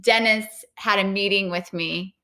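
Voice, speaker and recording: A woman's voice: mid-range voice, fairly even intonation, measured pace, bright, forceful tone. A woman interviewing an actor in a chatty, easygoing way. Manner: chatty, laughs easily. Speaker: interviewer and actress. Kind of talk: casual conversation.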